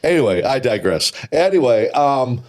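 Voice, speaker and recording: An older man from Minnesota, a podcast guest telling stories in a casual, animated way, often repeating words and laughing. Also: medium pitch, normal speed. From Minnesota, USA. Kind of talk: casual storytelling interview.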